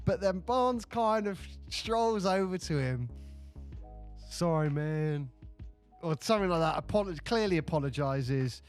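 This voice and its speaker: A man co-hosting a podcast, telling stories in a rambling, animated way with many restarts. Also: on the high side, a little slow, faint music behind. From United Kingdom. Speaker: podcast co-host. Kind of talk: casual chat.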